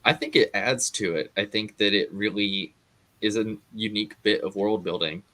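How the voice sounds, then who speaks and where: A man's voice: lowish voice, normal speed, sharp tone. A man as a guest in a casual book discussion, speaking earnestly with many fillers.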